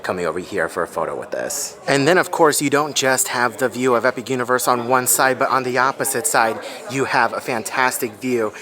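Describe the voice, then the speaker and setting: Excitable man touring a hotel. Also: mid-range voice, fairly quick, hardly any pauses. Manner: excitable, gushing, addresses viewers as guys. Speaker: theme park vlogger. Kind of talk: hotel tour walkthrough. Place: hotel rooftop, then a hotel room.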